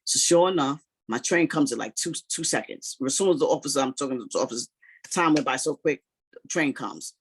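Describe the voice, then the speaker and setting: A man retelling a personal story in casual talk, animated and full of "you know" and "like". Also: medium pitch, a little fast, breathy edge.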